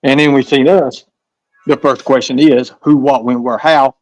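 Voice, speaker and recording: A man's voice: medium pitch, fairly even intonation, normal speed, creaky, a little mellow, dry recording, highs cut off, soft background music. A man from the American South with a Southern accent, a guest telling stories in a casual interview, rambling and repeating himself. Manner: rambling, repeats words, acts out voices in stories.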